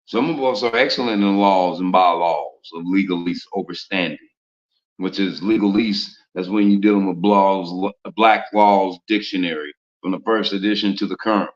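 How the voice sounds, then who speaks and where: A man with a deep, steady voice preaches at a moderate pace, using informal street slang and a stream of rhetorical questions. The recording is lo-fi and muffled, with echo from the room.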